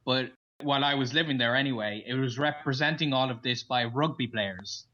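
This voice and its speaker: Bright-voiced Irish man, chatty guest. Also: medium pitch, fairly quick. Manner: chatty, storytelling, enthusiastic. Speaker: podcast guest. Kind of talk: casual interview chat. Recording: dull lo-fi sound.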